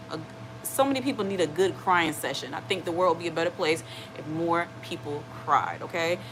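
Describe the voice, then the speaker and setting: A woman chatting on her live stream in a slightly low voice, rambling from one thought to the next. She reads out viewer comments and keeps checking in with a reassuring "okay?". Faint noise sits under her voice. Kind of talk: casual live-stream chat.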